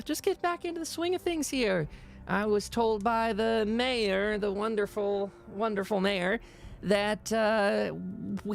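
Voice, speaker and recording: A man voicing a friendly female settlement leader in a tabletop game, chatty and welcoming, lifted higher than his own voice. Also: creaky.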